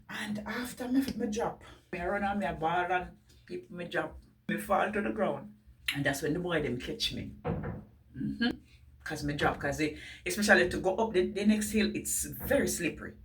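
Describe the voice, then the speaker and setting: A woman's voice: fairly low pitch, recorded from a distance. A woman with a Jamaican accent telling viewers a personal story in an emotional, earnest way, often speaking straight to them.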